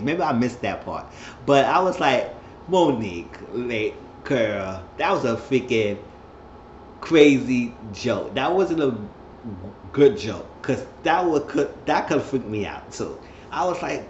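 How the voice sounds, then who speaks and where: Casual male recapper, chatty with bursts of laughter and high-pitched impressions; roomy, muffled home recording. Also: lively intonation, fairly quick, a little mellow. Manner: chatty, laughs often, acts out cast members in high squeals. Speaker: reality show recapper. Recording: roomy, dull lo-fi sound with faint noise.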